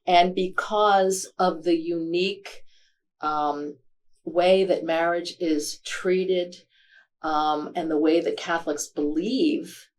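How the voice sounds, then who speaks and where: A woman author as a podcast interview guest, speaking reflectively and halting with frequent fillers. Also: on the low side.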